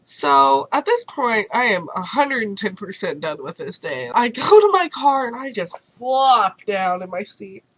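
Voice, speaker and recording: Young woman vlogger, hoarse from losing her voice, bright and bubbly, dry close sound. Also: medium pitch, a little slow, hardly any pauses, no echo, poor audio. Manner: bubbly, animated storyteller. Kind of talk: casual storytelling vlog.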